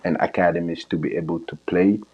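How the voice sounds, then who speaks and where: A man's voice: low-pitched, fairly even intonation, a little fast, highs cut off, a little hiss or hum. A man who coaches soccer, analyzing a live match in casual talk, earnest and often repeating or restarting his phrases. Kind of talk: live match commentary chat.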